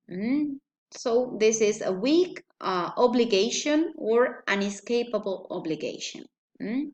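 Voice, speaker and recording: A woman teaching a recorded pronunciation lesson, speaking deliberately and pausing often with a questioning "hmm?" to check understanding. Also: on the high side, lively intonation, a little mellow.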